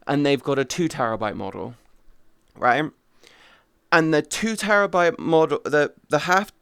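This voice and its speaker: A man's voice: a little high, a bit bright, clean tone, dry recording, studio quality. A young adult man chatting casually on a live stream, rambling, swearing freely and restarting his sentences. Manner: rambling, profane, restarts often.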